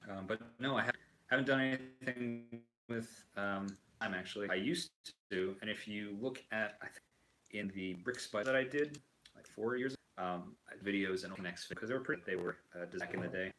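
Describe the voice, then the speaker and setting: A man's voice: lowish voice, moderate pace, bright, forceful tone, a little hiss or hum, poor audio. A man hosting a casual chat while building a toy kit, rambling with lots of fillers and restarts. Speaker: host.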